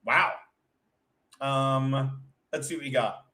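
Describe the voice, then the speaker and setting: A man's voice: medium pitch, steady tone, slow, bright, forceful tone. A man hosting a livestream, telling a rambling, profane comic story and chatting with viewers as he goes. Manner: profane, tumbling, self-interrupting; chats with live viewers. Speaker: livestream show host.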